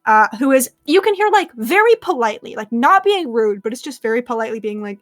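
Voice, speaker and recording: A young woman runs a tabletop game, describing scenes in a relaxed, rambling way with lots of "like" and "sort of". Her voice sits a little high, and soft music plays behind her. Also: quick pace. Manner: casual, filler-heavy, lots of "like". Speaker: game master.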